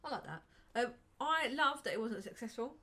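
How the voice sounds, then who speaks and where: A woman's voice: a little high, expressive, moderate pace, a bit bright. Sarcastic woman, casual film chat. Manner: sarcastic, hesitant, lots of agreeing murmurs. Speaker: co-host reviewing a film.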